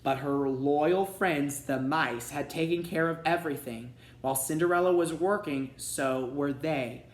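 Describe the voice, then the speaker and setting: A man reading a children's storybook aloud in a steady, expressive way. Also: on the high side, a little slow, hardly any pauses, slight background noise. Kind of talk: read-aloud storybook narration. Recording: roomy echo.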